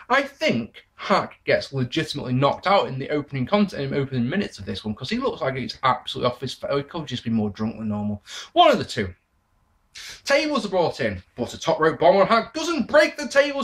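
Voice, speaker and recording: A man's voice: mid-range voice, a bit bright. A man hosting a wrestling review show, talking casually and sarcastically, swearing and laughing as he goes. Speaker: wrestling review podcast host.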